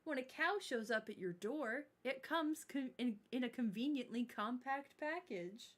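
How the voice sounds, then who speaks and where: A woman's voice: high-pitched, unhurried, a bit bright. A woman hosting a livestream, chatting casually with her chat and a co-host, swearing now and then and laughing often.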